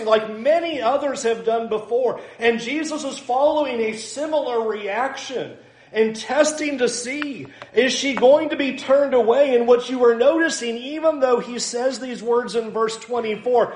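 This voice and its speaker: A man's voice: extremely high pitch, a little slow, reverberant. A man preaching a sermon in a conversational, self-deprecating way, acting out little asides. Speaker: pastor.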